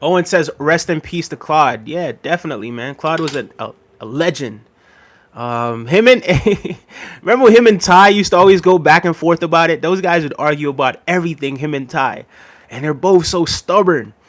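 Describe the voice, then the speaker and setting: A man with a slightly high voice chats casually on his live stream. He reads out viewer messages, laughs often and rambles, repeating his phrases. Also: moderate pace.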